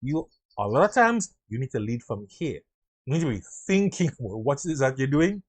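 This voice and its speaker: A middle-aged man giving a motivational talk on leadership, earnest, acting out quotes and sounds, swinging between loud and soft. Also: mid-range voice, sing-song, a little fast. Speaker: leadership speaker.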